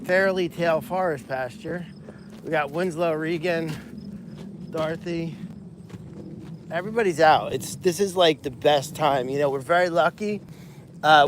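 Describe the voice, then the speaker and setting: A man's voice: on the high side, moderate pace, a little hiss or hum. A man who cares for a farm animal sanctuary, chatting casually on a live stream while walking outdoors across a pasture. He rambles with lots of fillers and restarts, recorded on a handheld phone.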